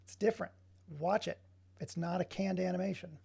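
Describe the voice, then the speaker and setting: While working on his digital art, a man keeps up a casual running commentary that wanders into sarcastic, rambling rants. His voice sits high and sounds flat, fairly quick, creaky and mellow, with a breathy edge.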